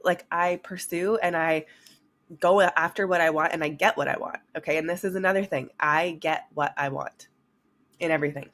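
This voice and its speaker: Frank, animated young woman talking to listeners. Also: sits low, normal speed. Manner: frank, animated, swears casually, addresses listeners as "you guys". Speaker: podcast host. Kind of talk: candid solo podcast talk.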